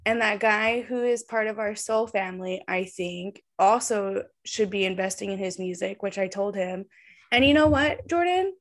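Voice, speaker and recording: A woman co-hosting a casual podcast chat over a video call, animated and quick to laugh. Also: medium pitch. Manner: giggly, animated, laughs often. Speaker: podcast co-host and tarot reader.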